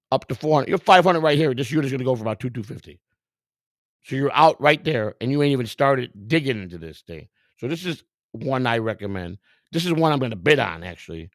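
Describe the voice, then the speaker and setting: Middle-aged host, gravelly and streetwise, rambling profane commentary, dry close sound. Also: male voice, mid-range voice, dry recording. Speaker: vlog host browsing storage auctions. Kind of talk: casual commentary.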